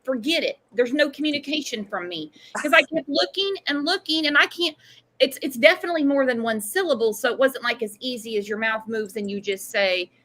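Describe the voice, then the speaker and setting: A woman hosting a live talk stream, lively, teasing and chatty. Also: high voice, fairly quick, slight background noise. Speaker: host. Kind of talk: casual livestream chat.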